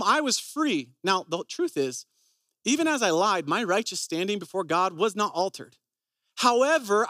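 A man's voice: high-pitched, a bit bright, no room sound, clean studio sound. A man preaching a sermon, telling personal stories in an earnest, conversational way.

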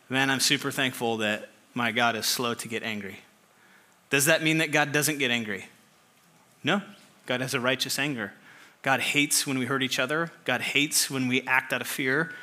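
A man delivers a sermon to a congregation with a bright, forward tone at an ordinary pitch. He talks in a loose, conversational way and keeps putting rhetorical questions to his listeners. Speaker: pastor.

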